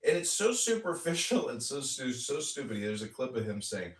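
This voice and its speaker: A man hosting a casual political podcast, talking in a mocking, animated way and swearing freely. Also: medium pitch, normal speed. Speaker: podcast host and political candidate. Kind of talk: casual chat. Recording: echoey room, mic at a distance.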